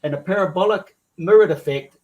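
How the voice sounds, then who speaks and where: A man presenting his ideas in a casual panel discussion, excitable and often trailing off mid-sentence. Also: high voice, brisk, dull audio. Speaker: guest presenter.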